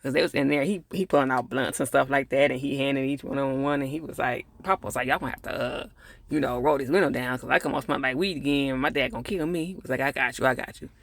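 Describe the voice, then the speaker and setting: Guy rambling through an episode recap, lots of ums and likes, a bit of fry in his voice. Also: mid-range voice, fast talker, a bit bright, dry recording. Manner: rambling, full of fillers, laughs at the characters. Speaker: TV episode reviewer.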